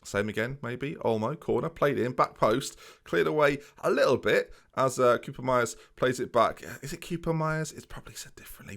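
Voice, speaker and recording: A man casually commentating on his football management game for viewers, wry and chatty. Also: mid-range voice. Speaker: gaming YouTuber.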